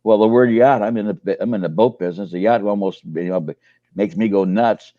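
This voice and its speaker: A man's voice: fairly low pitch, brisk, dry recording, dull audio. An older man and co-host, telling folksy sales stories in a casual webinar chat, often repeating his words. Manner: folksy storyteller, repeats words, uses fillers.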